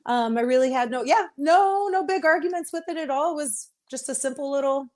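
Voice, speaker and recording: A woman's voice: sits high, brisk. A young woman from Texas, a professional wrestler, talking openly and emotionally in a casual interview, laughing often. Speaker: interview guest, pro wrestler.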